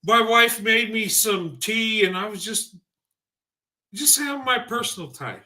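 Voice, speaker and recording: A man's voice: high-pitched, expressive, a little slow, pushed and bright. A man ranting on a livestream, emphatic and profane, speaking in heated bursts. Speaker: livestream commentator. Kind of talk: ranting opinion monologue.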